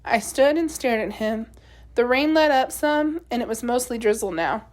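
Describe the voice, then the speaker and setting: A woman teacher reading a children's novel aloud in a steady, expressive storytelling voice. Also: on the high side, normal speed.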